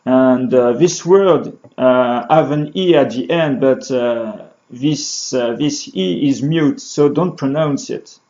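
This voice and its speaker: A man teaching beginner phrases, halting with many fillers and restarts, in a lo-fi recording. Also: mid-range voice, mellow. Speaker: French teacher. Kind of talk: beginner language lesson. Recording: dull lo-fi sound.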